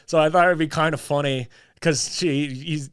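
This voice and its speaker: A man co-hosting a podcast, his voice smooth and resonant and a bit high for a man. He tells a story in a loose, swearing ramble over a dry, close sound. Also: steady tone, normal speed, a bit bright, dry recording. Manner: loose, profane storytelling with fillers. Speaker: podcast co-host. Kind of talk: casual chat.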